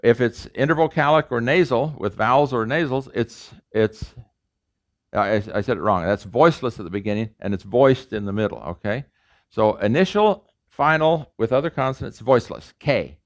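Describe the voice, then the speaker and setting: A man's voice: medium pitch, lively intonation, moderate pace, lo-fi sound. A middle-aged man, a professor, lecturing an audience on pronunciation and repeating sounds emphatically to demonstrate them. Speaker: professor teaching a language class.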